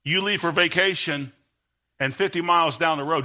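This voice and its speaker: Bright-voiced emphatic man preaching. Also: a little high, moderate pace. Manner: emphatic, rising to sudden shouts; reads scripture in King James wording. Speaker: guest preacher. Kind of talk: Baptist sermon.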